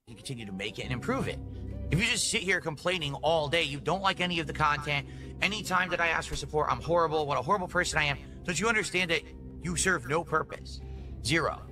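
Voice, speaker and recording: A man's voice: on the high side, lively intonation, fast, music in the background. A streamer man lecturing his viewers indignantly about support. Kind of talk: stream rant.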